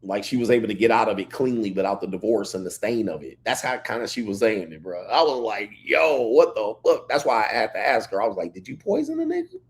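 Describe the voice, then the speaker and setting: A man hosting a casual livestream, reading chat comments and telling stories in an animated way. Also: lowish voice, fast, few pauses. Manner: animated storytelling, reads chat comments aloud. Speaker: livestream host.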